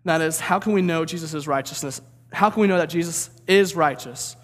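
A preacher from St. Louis giving an energetic, conversational sermon, often checking in with "right?". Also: male voice, a little high, fairly quick, big-room sound. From St. Louis, USA.

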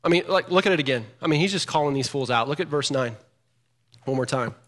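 A man preaching a sermon as pastor, animated and growing emphatic as he reads scripture aloud. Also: on the high side, fast. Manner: animated, rising to emphatic loudness when quoting scripture. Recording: long hall reverb.

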